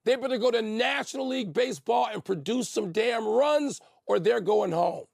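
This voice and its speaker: Male sports co-host, very high pitch, emphatic and stubborn, bone-dry studio sound. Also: moderate pace, gravelly, dry recording. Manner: emphatic, insistent, talks over his partner. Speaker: sports talk show co-host. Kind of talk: sports debate show.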